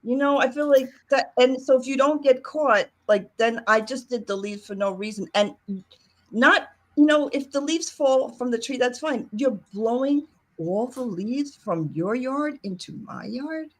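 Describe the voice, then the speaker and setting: A woman's voice: high-pitched, a little slow. Chatty woman podcast co-host. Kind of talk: casual chat.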